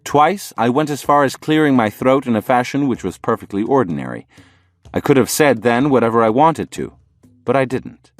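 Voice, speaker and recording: A man narrating an audiobook in measured, storytelling fashion. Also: mid-range voice, lively intonation, no echo, soft background music.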